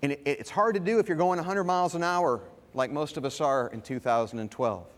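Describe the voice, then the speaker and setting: A man's voice: a little high, brisk. A middle-aged man preaching a sermon as pastor, telling folksy stories with humor. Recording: long reverb of a large hall.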